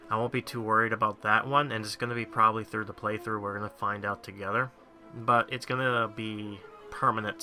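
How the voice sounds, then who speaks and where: A gaming channel host with a lowish, bright, forceful voice offers casual guide commentary. He rambles chattily through crafting in a mobile game, thinking aloud along the way.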